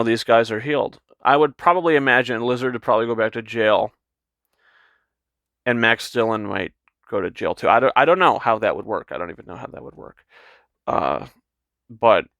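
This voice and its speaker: Man, film reviewer, casual rambling chat, bright forceful tone, dry close sound. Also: medium pitch, creaky, dry recording. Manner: excited, rambling, repeats words.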